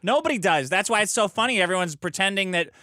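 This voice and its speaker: High, lively sarcastic man. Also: fast talker, no room sound, clean studio sound. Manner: sarcastic, teasing, mock-enthusiastic. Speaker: podcast co-host. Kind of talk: casual comedic chat.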